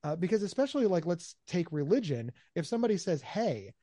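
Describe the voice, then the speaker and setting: Guy talking fast and lively in an interview, kinda high voice, mellow tone, dead dry sound. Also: dry recording. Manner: animated, acts out quoted voices, repeats words. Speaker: guest, mental health speaker. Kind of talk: conversational interview answers.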